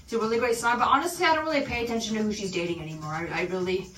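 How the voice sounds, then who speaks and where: A woman's voice: medium pitch, rapid-fire, fairly bright tone. A woman in her twenties co-hosting a casual radio chat show, chatty and enthusiastic. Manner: chatty, sings snippets, enthusiastic. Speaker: radio co-host. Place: small radio studio. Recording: roomy studio sound, mic at a distance.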